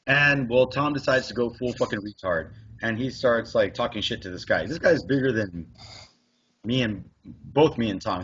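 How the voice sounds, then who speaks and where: A man's voice: medium pitch, a little hiss or hum. A man telling a rambling, profane story on a casual podcast, acting out the other people in it. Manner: profane, rambling, animated retelling with quoted dialogue. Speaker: podcast co-host. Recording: dull lo-fi podcast audio.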